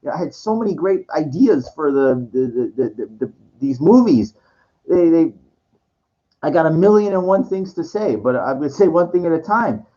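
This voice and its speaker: A man's voice: fairly high pitch, expressive, moderate pace, warm tone. A man rambling in a casual monologue, swearing, stammering and restarting his sentences, on a dull lo-fi recording. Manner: profane, stammering, full of restarts.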